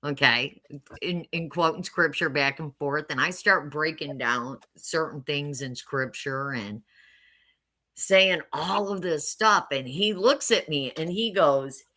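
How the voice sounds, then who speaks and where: Bright-voiced woman telling her story. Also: deep voice, slow pace. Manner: candid and wry, laughs often. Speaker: mother telling her testimony. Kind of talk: casual storytelling.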